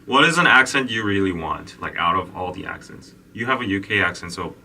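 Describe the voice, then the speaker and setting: A young man hosting a casual livestream podcast chat, upbeat and quick to laugh, stretching out excited shout-outs. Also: deep voice, vocal fry, distant mic, slight background noise. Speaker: podcast host.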